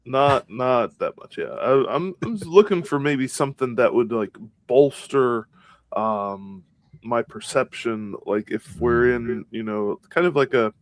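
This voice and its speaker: A man playing a tabletop game in character, talking haltingly and searching for words. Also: mid-range voice. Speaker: player.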